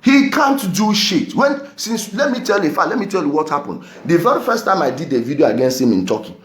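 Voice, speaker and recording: A man's voice: fairly high pitch, sing-song, brisk. A Nigerian man delivering a heated vlog rant, firing off repeated rhetorical questions. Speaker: vlogger. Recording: roomy echo.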